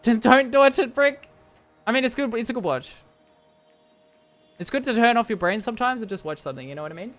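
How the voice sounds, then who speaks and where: A young woman talks to her stream chat in a loose, playful ramble. She jumps from topic to topic and jokes at her own expense, while soft music plays quietly behind her. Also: a little high, sing-song, fast, pauses often. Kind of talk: casual live-stream chat. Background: faint music.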